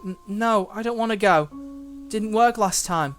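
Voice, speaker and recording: A man reading out the lines of a teenage girl in a visual novel, soft, tearful and full of self-blame. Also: high voice, unhurried, faint music behind, voice pushed up. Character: cheerful teenage girl, sobbing and apologetic.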